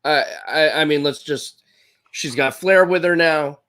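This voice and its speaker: A man's voice: fairly high pitch, measured pace, bright, forceful tone. A man co-hosting a wrestling podcast in casual chat, hesitant and stammering before he makes his point. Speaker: podcast co-host.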